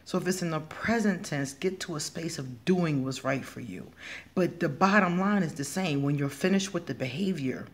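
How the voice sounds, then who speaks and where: A man's voice: a little high, moderate pace, a bit bright. A man giving blunt, emphatic advice as a spiritual healer in a casual vlog monologue.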